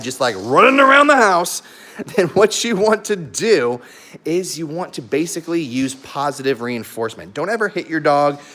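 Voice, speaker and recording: A young man chatting casually to camera about his dogs, lively and loud at times, breaking off to talk to his dogs. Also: a little high. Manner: animated and loud at times, talks to his dogs mid-sentence. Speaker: vlogger, husky owner.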